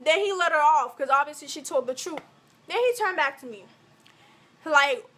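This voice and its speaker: Brief: young woman from Africa, high bright voice, animated storytime vlog delivery. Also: slow pace. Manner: animated, acts out every quote. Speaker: vlogger.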